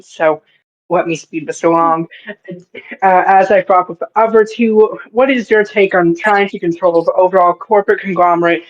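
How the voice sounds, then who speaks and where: A young-sounding moderator running a casual online debate, relaxed and rambling, with slangy asides. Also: medium pitch, muffled recording.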